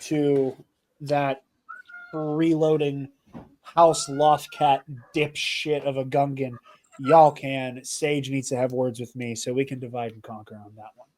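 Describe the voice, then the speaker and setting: A man's voice: medium pitch, flat delivery, takes it slowly, a little mellow. Blunt irritated man at a tabletop game. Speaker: player. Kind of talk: tabletop role-play banter.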